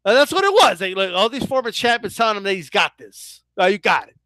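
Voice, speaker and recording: Lively, bright-voiced man ranting about boxing. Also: sits high, fast, dry recording. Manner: profane, keeps asking the viewers "right?"; animated, stumbling restarts. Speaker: boxing commentator. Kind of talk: casual opinion rant.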